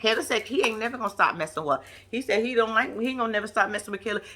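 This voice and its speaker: A brash, profane woman rants her reactions to a reality show. Her voice sits a little high and sounds bright and forceful, and she tells the story in an animated, gossiping way. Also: very fast. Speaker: reality TV commentator. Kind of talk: casual reaction commentary.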